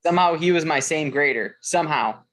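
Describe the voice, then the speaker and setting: A man's voice: on the high side, fairly quick, a bit bright. A man in casual podcast chat, swearing freely and rambling with fillers as he tells a story. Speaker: podcast co-host.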